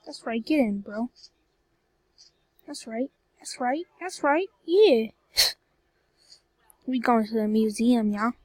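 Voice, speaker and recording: Highish-voiced woman doing casual game commentary, rambly and grumbly, dry close sound. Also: slow pace, pauses often, darkish tone, no echo. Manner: rambling, exclaims and grumbles often. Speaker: gameplay video creator.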